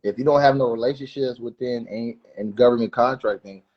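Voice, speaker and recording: A man co-hosting a podcast live stream with a husky voice, joking and laid-back in casual talk. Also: mid-range voice, fairly quick, highs cut off. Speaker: podcast co-host.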